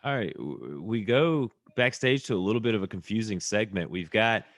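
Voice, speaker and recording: A man's voice: lowish voice, expressive, moderate pace. A man co-hosting a podcast, recapping segments in a laid-back, amused way. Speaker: podcast co-host, wrestling reviewer. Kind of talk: casual podcast review chat.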